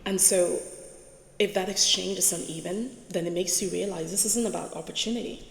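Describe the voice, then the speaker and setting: Reflective woman host, low gravelly voice, leans on key words; echoey room with a long tail. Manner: slow, emphatic, repeats key words, asks "right?". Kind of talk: casual spoken reflection while writing on a board.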